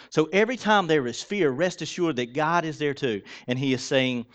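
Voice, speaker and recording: A male pastor preaching a sermon, conversational, asking the congregation rhetorical questions and swinging between soft and loud for emphasis. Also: fairly high pitch, normal speed, few pauses, lo-fi sound.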